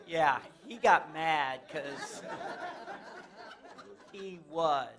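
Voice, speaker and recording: A man's voice: fairly high pitch, animated, very slow, crowd noise. A man performing a stand-up comedy set in a church, telling stories animatedly, acting out characters and laughing at his own jokes. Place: church stage before a laughing audience.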